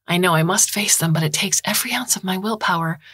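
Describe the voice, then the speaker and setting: Woman narrator for a fiction podcast; low, husky, measured read. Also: a bit bright, no echo, studio quality. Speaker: audiobook narrator. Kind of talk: scripted story narration.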